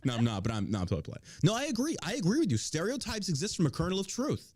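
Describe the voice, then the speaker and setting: Lively joking male podcast host. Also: sits high, racing, no echo. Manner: joking, profane, laughs often. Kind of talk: casual crude banter.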